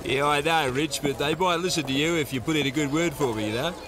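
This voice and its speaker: A man's voice: a little high, fast, noisy background, lightly acted. A man with an Australian accent playing a sacked former cricket commentator, eager and wheedling as he begs for his job back. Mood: pleading. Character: sacked male ex-commentator begging for work.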